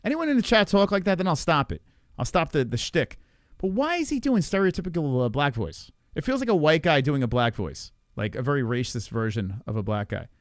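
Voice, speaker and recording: Man, lively swooping voice, incredulous streamer reacting, swears a lot, dry close sound. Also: a little high, no echo. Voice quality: incredulous, swearing, quick asides. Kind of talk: live-stream reaction commentary.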